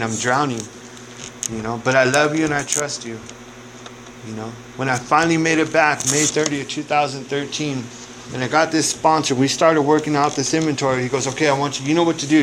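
Candid, profane man in a noisy recording. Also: medium pitch. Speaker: recovery speaker. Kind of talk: personal recovery testimony. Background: noise.

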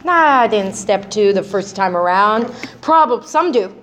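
A woman's voice: medium pitch, lively intonation, normal speed, fairly bright tone, slight background noise. A middle-aged woman sharing her recovery story in a personal testimony talk, speaking conversationally with many "right?" tags and restarts.

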